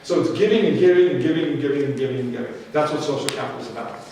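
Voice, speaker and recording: A middle-aged man giving a storytelling talk at a church conference, animated and fond of anecdotes. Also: mid-range voice, racing, slight background noise. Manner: storytelling, animated, acts out quoted voices. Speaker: conference speaker. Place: large hall. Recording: echoey hall, distant mic.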